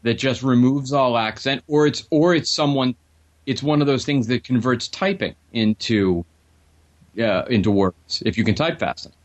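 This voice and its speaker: A man's voice: medium pitch, normal speed. A male podcast co-host rambles in casual chat with a sardonic, crude edge. His voice sits in a middle range. The audio is dull and slightly lo-fi.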